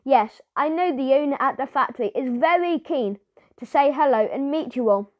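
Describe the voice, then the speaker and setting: Lady reading a stern proper tour guide lady, high and dry. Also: lively intonation, moderate pace, no room sound, dull audio. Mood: formal. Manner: stern, polite and formal.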